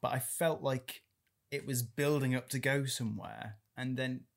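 A man in a casual film discussion, reflective and unhurried. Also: medium pitch, steady tone.

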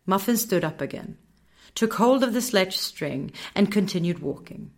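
A woman narrating a children's story in a gentle, measured way. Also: medium pitch, lively intonation, creaky.

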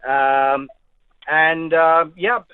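A man's voice: on the high side, fairly even intonation, extremely slow, smooth. A man from India, a travel journalist, chatting as a radio guest on a phone line, rambling with many ums and the odd joke. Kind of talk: casual radio interview.

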